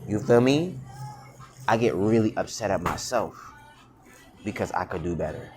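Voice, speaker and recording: A man's voice: fairly low pitch, expressive, normal speed. A man vlogging in a blunt, profane, unscripted monologue, often restarting and repeating words. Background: music.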